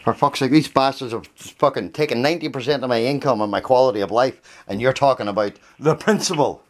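A man's voice: mid-range voice, quick pace, a little hiss or hum. Angry New man, accusing. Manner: angry, accusing, swearing, repeating questions. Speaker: complainant confronting his advocate. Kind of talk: heated confrontation.

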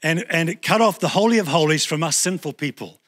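A male pastor with a New Zealand accent preaching a sermon in a conversational, animated way, acting out little asides. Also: fairly high pitch, fairly quick.

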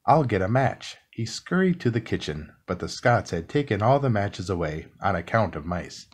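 A man reading a classic children's book aloud in a calm, soothing bedtime style. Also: fairly low pitch. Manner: slow, soothing, expressive reading. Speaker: storybook reader.

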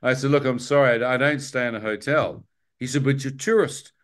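A man's voice: medium pitch, fairly even intonation, brisk, a bit bright, clean tone. A man telling his near-death story, acting out the dialogue and laughing often, with a New Zealand accent. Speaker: guest telling his testimony. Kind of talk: spoken testimony storytelling.

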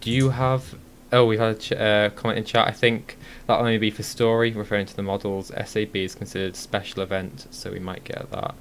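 A man's voice: on the low side, level tone, brisk, few pauses, a little hiss or hum. A man hosting a casual live-streamed podcast, talking with many ums and restarts. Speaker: podcast host.

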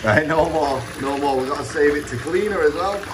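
A man's voice: a little high, a little fast, noisy background. A father with a playful, coaxing, encouraging way of talking, in a casual home video recorded in a bathroom. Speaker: father bathing the family dog with his kids.

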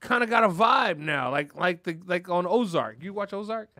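A man hosting a podcast in casual chat, telling animated stories full of cursing and laughter. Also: high-pitched, normal speed. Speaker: podcast host.

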